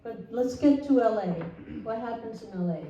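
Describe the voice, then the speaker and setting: A woman's voice: on the high side, moderate pace, dark tone, slight background noise. A woman hosting an onstage interview and guiding the guest with short questions. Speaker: host interviewer. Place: hall with audience. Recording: echoey hall, distant dull mic.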